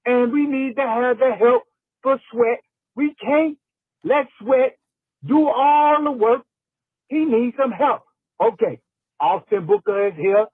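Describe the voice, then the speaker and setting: A man's voice: sits high, no room sound. A man leaving a fired-up, slangy voicemail, repeating his points. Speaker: voicemail caller. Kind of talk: casual phone voicemail rant. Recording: tinny phone line.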